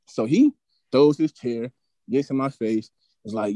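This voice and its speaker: A young man in his twenties, a podcast guest telling a story in a casual, animated, profane way that turns heated. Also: mid-range voice, a little fast, no room sound. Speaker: podcast guest, former college football player.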